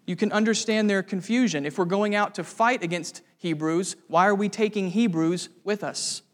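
A man's voice: high-pitched, normal speed, long reverb tail. A man preaching an expository sermon, emphatic and posing rhetorical questions to the congregation.

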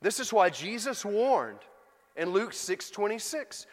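A man with a high-pitched voice preaches a sermon. He drops to quiet asides, then climbs to emphatic peaks. His words ring out with the long reverb of a large hall. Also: very animated, unhurried. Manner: preaching with big swings in loudness, rising to emphatic peaks. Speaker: pastor.

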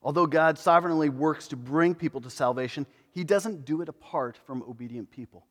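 A man's voice: fairly high pitch, fairly quick. Man preaching in an echoing hall. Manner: conversational preaching, swings from emphatic to hushed. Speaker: pastor. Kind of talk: sermon. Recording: long reverb of a large hall.

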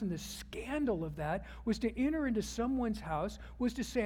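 Male pastor, high voice, storytelling sermon, long hall reverb. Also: animated, moderate pace, few pauses. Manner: storytelling, drops to a hushed voice for the retold scenes.

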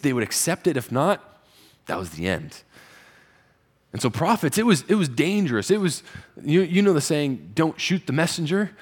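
A man preaching a conversational sermon as pastor, rising in pitch and volume for emphasis. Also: husky.

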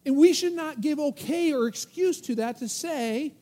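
A man preaching a sermon as pastor, lively and emphatic, slipping into the voices of the world, the flesh and the conscience. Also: very high-pitched, normal speed, hardly any pauses. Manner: animated preaching, acting out inner voices.

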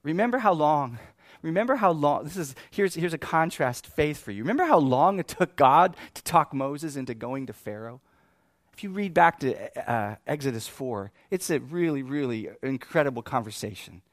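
A man preaching a sermon in an animated, lively way, often laughing and acting out the scripture he talks about. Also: fairly high pitch, normal speed, no echo, clean studio sound. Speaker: pastor.

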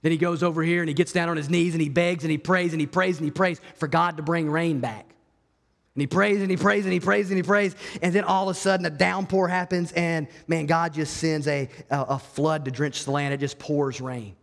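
A man preaching a sermon as pastor, telling the story in an animated way and acting out the voices. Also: fairly high pitch, a little fast, creaky, big-room sound.

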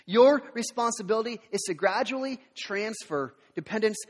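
A high-voiced, lively male pastor in his thirties preaches, telling family stories and swinging his pitch up and down as he acts out each voice. His voice rings out with a long reverb, as if in a large sanctuary. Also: normal speed. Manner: animated storytelling, acting out voices. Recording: reverberant hall.

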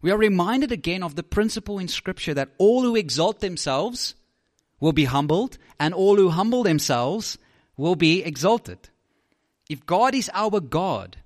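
A man preaching a sermon in a slightly high voice. He talks in an animated way, repeating words as he builds his points and often checking in with "right?".

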